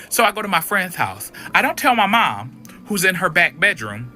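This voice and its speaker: Fast, bright, sassy male storyteller. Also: high voice, big pitch swings, faint music behind. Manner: sassy, profane, dramatic retelling. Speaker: storyteller in a clip. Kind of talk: animated story time.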